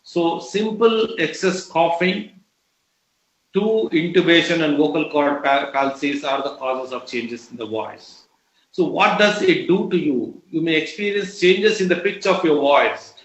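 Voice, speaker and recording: A middle-aged man from India with an Indian English accent, giving a measured medical lecture with many "uh" fillers. His voice is strained and lower than his usual. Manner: measured, explanatory, frequent uh fillers. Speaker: doctor giving a health talk. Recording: echoey, dull lo-fi recording.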